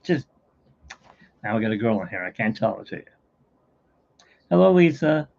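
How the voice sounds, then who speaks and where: A man's voice: on the low side, very animated, normal speed, gravelly, a little mellow, highs cut off. A middle-aged man hosting a live stream, chatting casually and telling jokes in a rambling, self-mocking way.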